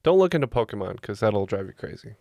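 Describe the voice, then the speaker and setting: A man's voice: lowish voice, very animated, fast talker, vocal fry, darkish tone, no echo. A man playing pub trivia on a podcast, joking and thinking aloud with plenty of fillers. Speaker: trivia contestant. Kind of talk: casual podcast banter.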